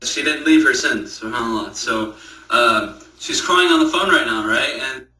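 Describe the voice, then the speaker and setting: A man giving a moral story as a religious speaker, halting and repeating words and checking in with "right?". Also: mid-range voice, pushed and bright. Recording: echoey room, speaker far from the mic.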